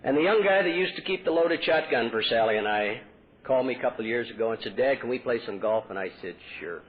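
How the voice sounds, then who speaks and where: Animated and fast, a middle-aged Texan convention speaker shares his recovery story at a podium, earnestly dramatizing quoted dialogue. His voice is medium-pitched, and the tinny 1980s tape carries a little hiss or hum.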